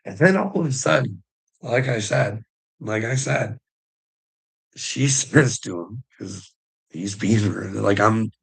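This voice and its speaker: A man's voice: fairly low pitch, takes it slowly, vocal fry, long pauses, husky, poor audio. A middle-aged man ranting casually on a livestream, swearing, rambling and laughing often. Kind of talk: casual live rant.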